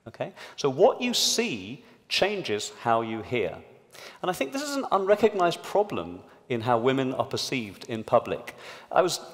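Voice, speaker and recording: Man, panel speaker, animated pitch, long hall reverb, addressing audience. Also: moderate pace. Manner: lively, explanatory, addressing a live audience. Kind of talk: public talk at a debate event. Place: large hall. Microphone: amplified stage microphone.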